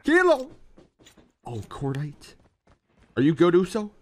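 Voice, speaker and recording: A man giving jokey, excitable live commentary while playing a mobile shooter game. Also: medium pitch, measured pace, breathy edge. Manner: excitable, jokey, keeps exclaiming in alarm. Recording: loud game gunfire behind. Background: game gunfire and explosions.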